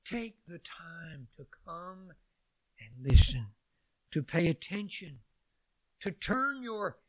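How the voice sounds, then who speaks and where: A man preaching a sermon, swinging from loud calls to hushed lines and repeating phrases for emphasis. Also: a little high, very animated, takes it slowly.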